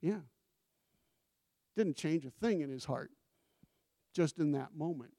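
A man's voice: a little high, expressive, slow, mellow, dry recording, studio quality. Conversational male pastor preaching. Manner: conversational, asks the congregation questions; acts out scripture quotes with emphasis. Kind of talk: sermon.

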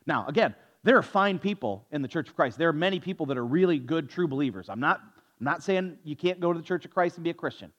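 A man's voice: fairly high pitch, expressive, fast talker, muffled recording. A male pastor preaching a sermon in a conversational, storytelling manner with a sarcastic edge.

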